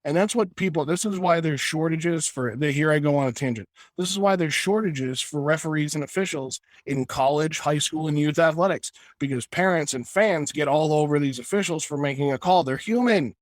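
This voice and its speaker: Ranting with passion on a casual sports podcast, this co-host speaks fairly quickly with hardly any pauses and keeps restarting as he pushes his argument. His pitch is fairly high, and the recording has no room sound.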